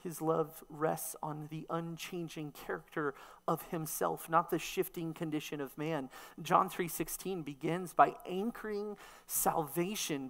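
Woman preaching an emphatic sermon. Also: sits low. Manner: emphatic teaching, rhetorical questions.

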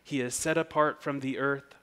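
Guy preaching a sermon, mid-pitched voice, earnest, gets loud on the bible verses. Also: fairly even intonation, moderate pace, clear, resonant tone. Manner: earnest, building emphasis, rises loud when reading scripture. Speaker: pastor. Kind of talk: expository sermon.

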